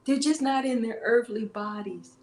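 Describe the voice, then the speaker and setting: Woman in her 40s, slightly high voice, halting and repetitive, echoey room. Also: darkish tone, slight background noise. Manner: halting, repeats phrases, tearful at times. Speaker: interview guest. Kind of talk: emotional personal storytelling.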